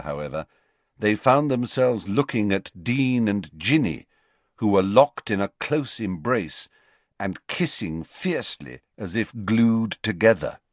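A man reading a novel aloud as narrator, in expressive, measured storytelling. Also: mid-range voice, no echo. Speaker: audiobook narrator. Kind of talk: scripted narration.

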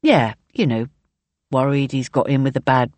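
A woman's voice: very deep voice, expressive, normal speed, darkish tone, no echo. A woman voicing a worried mother who speaks hesitantly and apologetically, in an audiobook.

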